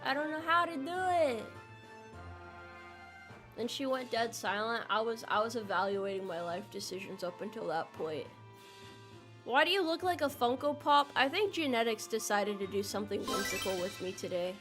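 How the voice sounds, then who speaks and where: A woman's voice: a little high, lively intonation, moderate pace, fairly bright tone. A young adult woman streamer chatting casually with her viewers in a playful, jokey way, with melodramatic outbursts. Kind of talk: casual livestream chat. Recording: faint music behind.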